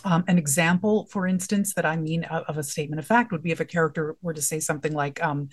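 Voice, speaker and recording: A writing teacher delivers a casual spoken lesson. The talk is conversational and unscripted, moving from one example line to the next and posing questions along the way. The voice sits at a middle pitch. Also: steady tone, quick pace, hardly any pauses. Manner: conversational, explains through example lines and questions.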